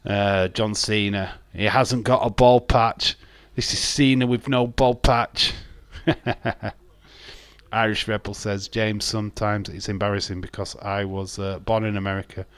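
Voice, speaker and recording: A man hosts a live watch-along stream, joking and teasing his viewers as he reads their messages aloud. His voice sits on the low side. The sound is dry and close, with no room echo. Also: fairly even intonation, measured pace, a bit bright, clean tone. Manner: jokey, teasing, laughs often. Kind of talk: casual live-stream chat, reading chat aloud.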